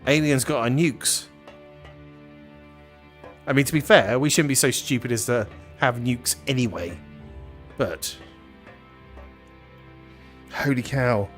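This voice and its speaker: An excited man talks his viewers through a VR puzzle game, reacting and thinking aloud as he explores. His voice sits at an ordinary middle pitch and stays casual and chatty. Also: slow, pauses often, faint music behind. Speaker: gaming channel host. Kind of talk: VR puzzle game playthrough commentary.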